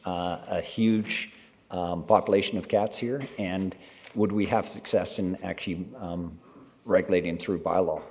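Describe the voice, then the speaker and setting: A man's voice: low-pitched, darkish tone, a little hiss or hum. A man presenting a staff report to a city council, hesitant with many fillers and restarts. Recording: long reverb of council chamber.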